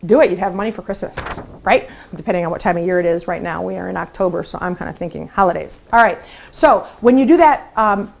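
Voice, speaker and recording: A middle-aged woman training new sales consultants, upbeat and encouraging, acting out sample phone calls in lively voices. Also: fairly low pitch, quick pace, gravelly, a little hiss or hum. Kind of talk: training talk to camera.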